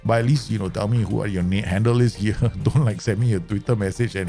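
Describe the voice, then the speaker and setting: A male streamer with a gravelly, creaky voice talks casually to his live viewers while he plays a management game. He jokes, laughs and rants in mock anger at his digital players, and faint music sits behind him. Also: fairly low pitch, fairly even intonation, fast, mellow. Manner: chatty, joking, talks to viewers. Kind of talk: casual livestream chat.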